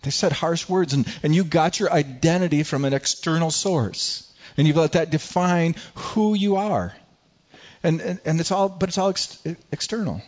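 A male pastor preaching a sermon, animated and telling a personal story with frequent stammered restarts. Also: fairly high pitch, moderate pace, muffled recording.

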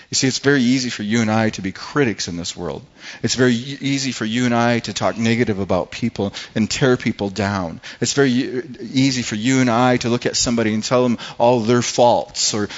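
A man's voice: medium pitch, fairly quick, muffled recording. A man preaching a sermon as pastor in a church, earnest and often repeating his words as he restarts. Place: church hall with congregation.

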